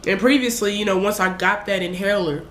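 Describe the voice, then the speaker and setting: In a mid-range voice and at a fairly quick clip, a young woman who vlogs recounts a story casually and loosely, acting out what she said. A little hiss or hum is audible in the echoey room.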